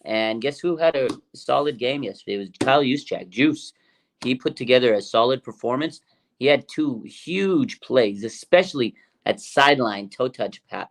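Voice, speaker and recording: A man hosting a fan livestream, talking casually in an excited, rambling way with many fillers and restarts. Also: mid-range voice, moderate pace. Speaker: fan show host.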